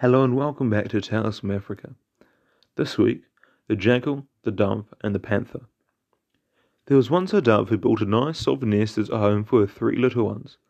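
A man with a low, gravelly voice narrates an old animal fable as a storytelling host, tripping over a word now and then. The recording sounds dull and lo-fi, with a soft guitar playing underneath. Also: normal speed. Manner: gentle storytelling with small slips. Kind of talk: read-aloud folk tale narration.

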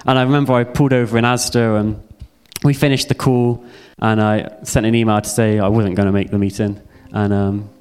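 A man's voice: lowish voice, little pitch movement, brisk, a little mellow, clean tone. A young man giving a heartfelt personal testimony sermon to a youth audience. He speaks earnestly and repeats phrases for emphasis.

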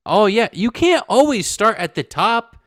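A man's voice: high-pitched, very animated, a little slow, a bit bright, no echo, studio quality. A man hosting a podcast in casual chat, teasing and laughing often. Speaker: podcast host.

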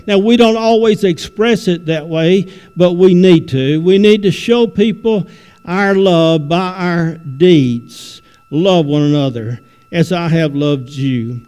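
A man's voice: a little high, a little slow, darkish tone, clear, resonant tone. A man preaching a sermon as a visiting preacher, in a folksy way that often repeats words and starts over. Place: church sanctuary. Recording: long reverb in a church hall.

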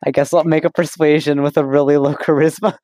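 Deadpan, slightly high-voiced male player. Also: quick pace, no room sound. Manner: deadpan, self-mocking jokes. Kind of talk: casual tabletop game chat.

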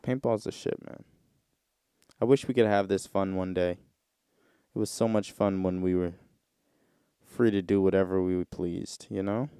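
A man's voice: low voice, steady tone, a little slow, pauses often, warm tone, clear, resonant tone, no room sound, studio quality. A man hosting a solo podcast, talking loosely and casually with lots of slang. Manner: loose, slangy, rambling with frequent "bro". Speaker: podcast host.

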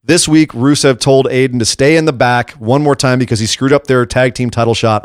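Man, casual co-host chat, animated retelling, acts out quotes, dry close sound. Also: medium pitch, brisk, few pauses, clean tone, dry recording. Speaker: podcast co-host. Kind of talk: casual chat recapping wrestling.

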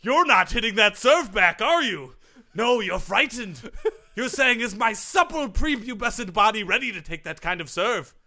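A man's voice: high voice, expressive, normal speed, bright, forceful tone, heavily acted. A man playing a smug, eccentric male tennis grunt coach in an improvised comedy sketch, talking in a pompous, theatrical way. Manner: pompous, theatrical, over-the-top. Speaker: comedy podcast sketch performer.

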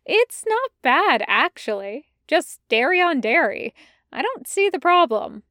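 Woman doing cheeky teen boy in an audiobook, smug, bit high and slow. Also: sing-song, bright, forceful tone, no room sound, studio quality, full character voice. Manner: cheerful, smug. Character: gleeful teenage boy, mischievous prankster.

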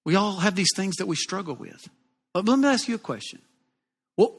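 A man from Alabama with a Southern accent, preaching a sermon in a folksy, animated, jokey way. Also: sits high, a little fast, long pauses, slightly rough. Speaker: pastor. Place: church auditorium. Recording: long reverb of a large church hall.

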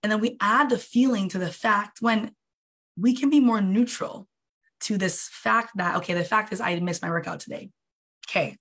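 A young woman, an online coach, giving a casual motivational talk on a livestream and acting out inner voices with big jumps in pitch. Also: normal speed, a bit bright.

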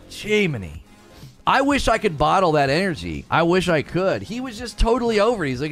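A man in his thirties casually telling stories to his stream, animated and self-mocking, laughing often. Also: high-pitched, brisk, soft background music. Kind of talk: casual storytelling to a live stream.

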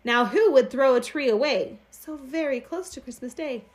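A woman reading a rhyming children's Christmas picture book aloud in an expressive, sing-song way. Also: high voice, moderate pace. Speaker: storyteller.

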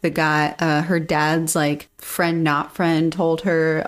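Woman, young adult, low voice, opinionated, casual book chat, ranting. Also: slow pace, hardly any pauses. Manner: animated, opinionated, rants about characters. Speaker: podcast co-host.

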